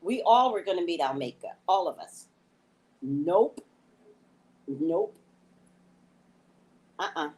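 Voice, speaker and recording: A middle-aged woman, a psychic reader, telling a story in an animated, emphatic way during a live reading chat. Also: fairly low pitch, slow pace, pauses often.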